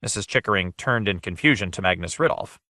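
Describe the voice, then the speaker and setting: A man reads an audiobook in a clear, expressive narration. His voice sits a bit low yet sounds bright, and it moves lively up and down. The recording is dry and close. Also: fast, no room sound. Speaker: audiobook reader. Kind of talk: scripted narration.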